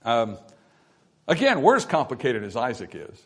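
A man preaching a sermon to his congregation, swinging between quiet, intimate stretches and loud, emphatic ones. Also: medium pitch, wildly swooping pitch, moderate pace, husky. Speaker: pastor. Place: church sanctuary.

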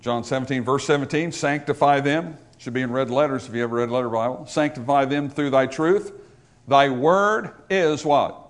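A male pastor preaches a sermon in a medium-pitched voice at a normal pace. He is emphatic, building momentum through repeated rhetorical lines and questions until the repetition turns forceful.

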